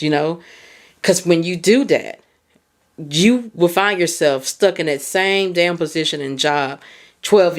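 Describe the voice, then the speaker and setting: A woman hosting a casual solo podcast on self-growth, talking candidly, swearing freely and putting reflective questions to the listener. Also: low-pitched. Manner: candid and conversational, swears freely, laughs at herself. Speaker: podcast host.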